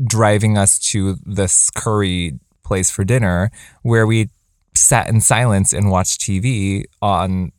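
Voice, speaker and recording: Podcast co-host, young man, rambling animated storyteller, dry close mic. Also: fairly low pitch, takes it slowly, clean tone, no room sound. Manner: animated, quoting people in a raised voice; lots of likes and ums. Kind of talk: casual storytelling chat.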